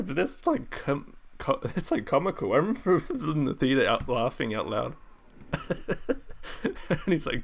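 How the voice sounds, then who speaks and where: A man's voice: fairly high pitch, gravelly. A man streaming, rambling through casual film commentary, laughing often and mocking what he watches.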